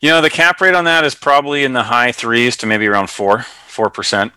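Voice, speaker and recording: A man's voice: mid-range voice, fairly even intonation, brisk, sharp tone, clear, resonant tone, dry recording. A man guesting on an interview podcast, explaining things through plain analogies with frequent fillers. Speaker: guest, real estate investor. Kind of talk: conversational interview.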